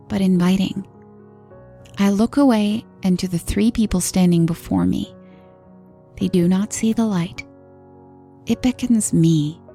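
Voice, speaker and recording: A woman reads a horror story in a steady, earnest way with a dark, mellow tone and a gravelly edge to her voice. Faint music plays underneath her narration. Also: on the low side.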